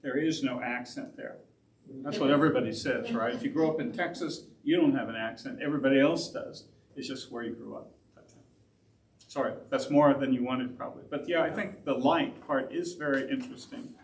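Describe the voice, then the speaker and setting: A pastor from Oregon, USA, teaches an adult Bible class in a church classroom, speaking at a medium pitch in a loose, conversational style that rambles and is sprinkled with self-aware asides. A distant room mic picks him up, leaving the recording roomy and distant with faint hiss.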